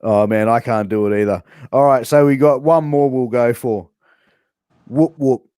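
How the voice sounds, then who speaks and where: A man's voice: mid-range voice, moderate pace, mellow, clear, resonant tone, no echo, studio quality. Playful Australian man quizzing on slang. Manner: playful, drops into slangy catchphrases. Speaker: interview host. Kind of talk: casual interview, quizzing on slang.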